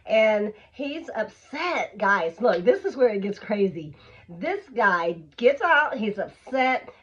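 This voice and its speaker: A woman vlogger telling an animated, emphatic storytime, on a dull lo-fi recording. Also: medium pitch, takes it slowly, husky. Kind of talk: storytime vlog.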